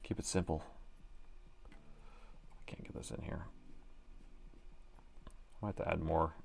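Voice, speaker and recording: A man's voice: extremely low pitch, fairly even intonation, slow pace, creaky, darkish tone, slight background noise. A middle-aged man doing a live repair stream, chatting casually and muttering to himself as he works at his bench. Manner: chatty, thinks aloud, mutters to himself while working. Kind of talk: casual live-stream commentary while working. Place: repair workbench indoors.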